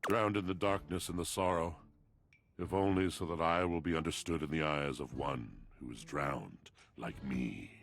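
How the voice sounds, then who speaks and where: An actor voicing a mournful, poetic male object in a dating game, with a very deep, slow, theatrical delivery. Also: gravelly. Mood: mournful, seductive. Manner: melancholic, archaic poetic speech. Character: brooding gothic male object, mournful poet. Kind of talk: video game voice acting.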